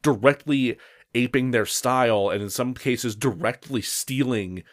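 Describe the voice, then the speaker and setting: A man's voice: medium pitch, unhurried. A man co-hosting a casual podcast chat, rambling with lots of fillers and restarts and laughing often. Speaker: podcast co-host.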